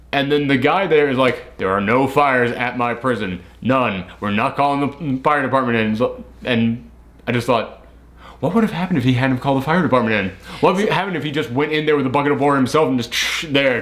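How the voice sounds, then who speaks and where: A man co-hosting a casual movie review, rambling and laughing at his own mix-ups, sleep-deprived. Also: fairly high pitch. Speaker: film review co-host.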